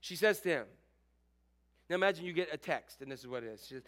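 A middle-aged male pastor preaching a sermon, animated and joking with the congregation, acting out quotes. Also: a little high, fast talker, pauses often.

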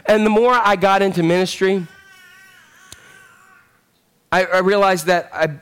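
A man in his forties preaching a sermon in a conversational, rambling way, telling animated stories full of fillers and restarts. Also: sits high, a little slow, clear, resonant tone. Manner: animated storytelling. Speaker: pastor.

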